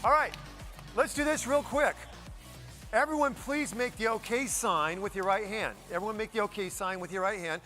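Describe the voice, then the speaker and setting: A man from Denver giving a high-energy keynote, playfully ordering the audience around with quick commands. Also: sharp tone, soft background music. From Denver, Colorado. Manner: upbeat, playful, bossing the crowd with quick commands. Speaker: keynote speaker. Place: conference hall stage.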